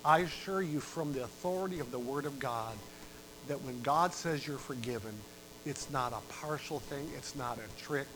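Bright-voiced preacher telling a dramatic story. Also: male voice, a little hiss or hum, rough recording. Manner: dramatic, swells loud for emphasis and drops low. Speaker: pastor. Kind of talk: sermon with a told story.

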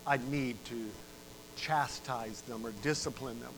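A middle-aged man preaching a sermon, telling a story with dramatic rises in volume and sudden drops to a hush. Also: fairly even intonation, a little slow, vocal fry, noisy background. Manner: dramatic, swells loud for emphasis and drops low. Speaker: pastor.

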